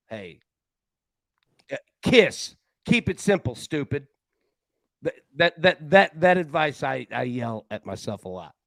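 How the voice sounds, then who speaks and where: A man hosting a live sports betting show, talking in a casual, excitable way full of slang and stammered restarts. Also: a little high, creaky, no room sound, low-quality recording.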